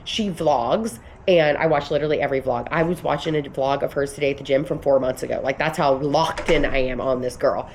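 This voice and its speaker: A woman's voice: very deep voice, a little fast, few pauses, darkish tone, a little hiss or hum. A woman in her thirties vlogging, talking in an earnest, emphatic way that rambles with restarts as she coaches on business and belief. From United States. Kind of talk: casual motivational vlog talk.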